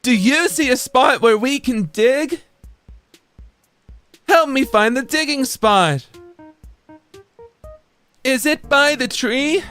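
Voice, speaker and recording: A man voicing a chirpy young cartoon explorer girl who asks the audience sing-song questions in a high voice. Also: lively intonation, slow, pauses often, a bit bright, clear, resonant tone, soft background music, exaggerated voice. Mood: eager.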